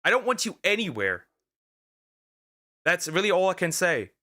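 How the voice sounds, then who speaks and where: Bright-voiced man ranting on a vlog. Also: high voice, sing-song. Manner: rambling and halting, many fillers and restarts; outspoken, ranting. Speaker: vtuber streamer. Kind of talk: casual react commentary.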